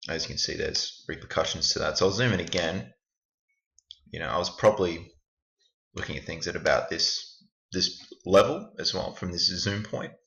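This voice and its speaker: Deep-voiced man, rambling self-critical screen walkthrough, muffled lo-fi sound. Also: moderate pace, vocal fry, sharp tone. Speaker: trader reviewing his backtest results. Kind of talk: casual screen-recording walkthrough. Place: indoors at a computer. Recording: echoey room, dull lo-fi sound.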